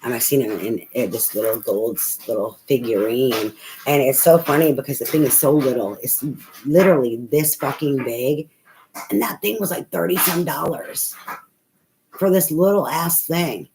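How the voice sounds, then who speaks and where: A woman's voice: rumbling low, moderate pace. A woman giving a casual spoken tarot reading, rambling, swearing freely and laughing often. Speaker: tarot reader. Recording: noisy home recording.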